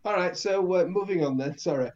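A man's voice: sits high, a little fast, a little mellow, highs cut off. A man learning the language, reading lines aloud and working through translations in a casual lesson, with light jokes. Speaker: Italian learner, co-host.

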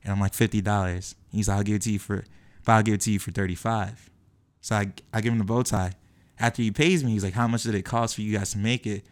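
A young man tells a story at a brisk clip, jumping into the voices of the people he quotes. His voice sits a little low for a man. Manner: acts out quoted dialogue, quick and lively. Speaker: guest telling his story. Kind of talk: animated storytelling.

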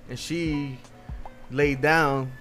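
A man chatting casually and telling stories in a relaxed, profane way, laughing often. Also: fairly high pitch, very slow, faint music behind. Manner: laid-back storytelling, swearing, laughing. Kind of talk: casual chat.

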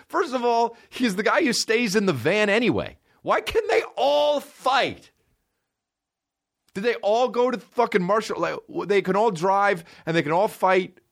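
A man's voice: high-pitched, animated, measured pace. A man hosting a comedy podcast, riffing in a rambling, profane, jokey way. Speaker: podcast host.

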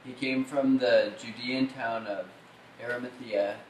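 A man in a study group reads a scripture passage aloud, plain and unhurried. The room around him is echoey. A faint hiss sits in the background. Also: mid-range voice, fairly even intonation.

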